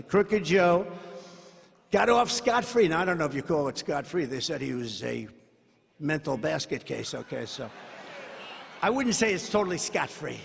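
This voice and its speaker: A man's voice: on the high side, vocal fry, slightly rough. Older man rambling at a rally. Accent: New York. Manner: rambling, boastful, asides to the crowd. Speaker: political speaker at a campaign rally. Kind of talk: rally speech. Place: large rally venue. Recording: echoing hall with faint ambience.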